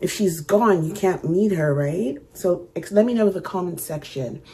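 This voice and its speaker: A woman's voice: lowish voice, lively intonation, moderate pace, dark tone. A woman chatting casually as she reacts to a song, restarting her sentences and humming riffs aloud. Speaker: music reaction YouTuber. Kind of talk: casual first-listen reaction chat.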